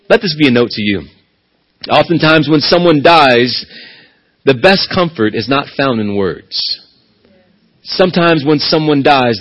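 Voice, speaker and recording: Male pastor, husky and fairly high-pitched, dramatic sermon delivery with hushed drops. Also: rough recording. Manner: dramatic preaching, dropping to near-whispers for emphasis.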